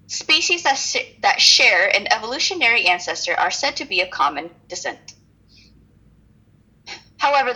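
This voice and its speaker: A woman's voice: medium pitch, pushed and bright, husky, rough recording. A woman co-hosting a casual podcast, reading notes aloud with frequent laughs and self-deprecating asides. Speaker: podcast co-host.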